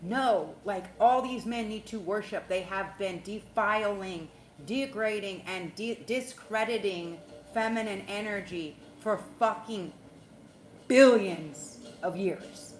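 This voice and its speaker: A woman's voice: medium pitch, a little slow. Rambling, profane woman livestreaming. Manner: rambling, profane, animated, laughs often. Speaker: spiritual livestream host, tarot reader. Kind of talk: casual livestream chat. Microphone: phone. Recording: roomy echo, faint background hum.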